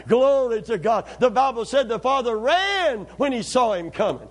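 A high-pitched man preaches with fervor, calling on the congregation to answer back. His voice sits well above the usual male range. The delivery is a full, impassioned sermon. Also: expressive, moderate pace. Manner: impassioned, call-and-response preaching.

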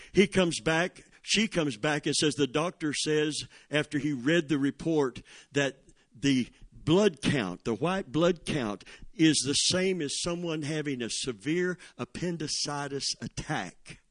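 A man's voice: mid-range voice, dry recording, studio quality. A middle-aged man preaching a sermon, telling a story and calling to the congregation for amens. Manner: preaching storytelling with call-and-response. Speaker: pastor.

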